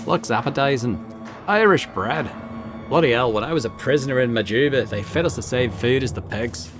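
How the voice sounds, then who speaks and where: A man's voice: mid-range voice, lively intonation, normal speed, music in the background, lightly acted. A man voicing a prickly, defensive male pub barman in a video game. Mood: testy.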